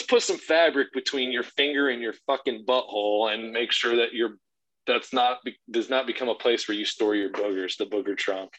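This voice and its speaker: Profane, animated dad telling a story. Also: male voice, medium pitch, normal speed, low-quality recording. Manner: profane, animated retelling with voiced quotes. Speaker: podcast guest. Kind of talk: casual storytelling.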